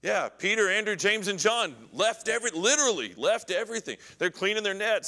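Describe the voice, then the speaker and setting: A man teaching an adult Bible class, animated as he acts out scripture scenes and puts questions to the class. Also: sits high, brisk, big-room sound.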